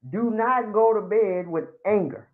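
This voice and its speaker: A woman's voice: medium pitch, measured pace. Outspoken woman, tinny phone-like sound. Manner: outspoken, emphatic, blunt humor. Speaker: church member giving testimony. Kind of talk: candid testimony at a Bible study.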